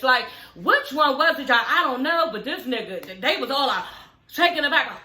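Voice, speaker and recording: A woman recapping a reality TV episode in casual, animated, profane talk aimed straight at her viewers. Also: sits high, brisk, echoey room, poor audio.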